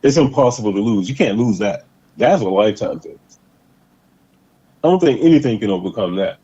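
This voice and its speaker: A man hosts a casual political chat with a mellow, relaxed tone. His pitch rises and falls a lot as he stretches out words for emphasis. The sound is slightly muffled and lo-fi. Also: husky. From Boston area. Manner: animated, drawn-out emphatic delivery. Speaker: podcast host.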